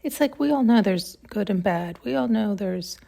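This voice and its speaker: Her voice sits mid-range, dark in tone with vocal fry and lively intonation, at a normal speed. As a podcast host she rambles through a searching, intuitive monologue, restarting sentences and occasionally on the verge of tears.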